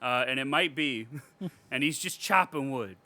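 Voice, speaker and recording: Man, podcast co-host, bright tense voice, swears a lot, rambles, laughs. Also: medium pitch, lively intonation, unhurried. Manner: profane, rambling, laughs often. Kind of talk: casual horror movie chat.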